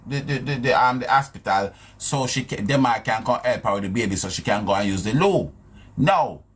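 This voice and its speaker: A man's voice: medium pitch, a bit bright, breathy edge. A man with a Jamaican accent giving casual commentary on an interview clip, scornful and mocking, full of rhetorical questions.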